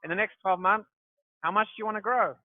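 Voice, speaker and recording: A man's voice: quick pace, no echo. Upbeat New Zealand man on tinny line. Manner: upbeat, self-joking salesy pitch. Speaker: real estate marketing coach. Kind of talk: live webinar presentation. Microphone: livestream.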